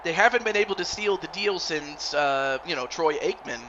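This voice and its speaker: A man's voice: on the high side, moderate pace, muffled recording, noisy background. A man streaming and commentating a football video game league, casually rambling and greeting viewers by name.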